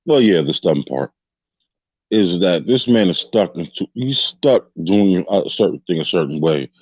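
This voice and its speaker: Deep-voiced man hosting a loose fan podcast. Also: expressive, moderate pace, husky, no room sound, highs cut off. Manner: rambling, loose and chatty, with many restarts and tag questions. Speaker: podcast host. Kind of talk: casual fan podcast discussion.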